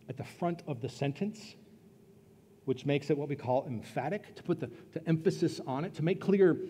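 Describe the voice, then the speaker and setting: A man preaching a sermon as pastor, earnest and emphatic, pausing and then rising into bursts of stress. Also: on the high side, warm tone. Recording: long reverb of a church hall.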